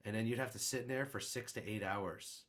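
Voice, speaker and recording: A young man co-hosting a casual podcast, rambling through joking stories and quiz questions. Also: fairly quick. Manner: rambling, joking storyteller with lively swings in pitch. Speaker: podcast co-host. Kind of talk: casual chat.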